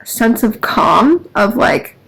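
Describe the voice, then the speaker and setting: Woman vlogger, high voice, casual rambling car chat with frequent laughter. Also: very animated, slow, gravelly, fairly bright tone, a little hiss or hum, rough recording. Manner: chatty, laughs often, rambling with many fillers. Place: in a parked car.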